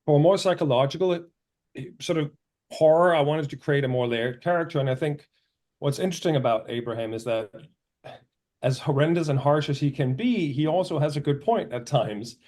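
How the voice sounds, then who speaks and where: A man's voice: fairly high pitch, brisk, darkish tone. A man who grew up in Denmark, an actor chatting casually and animatedly on a video call interview. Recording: remote video call audio.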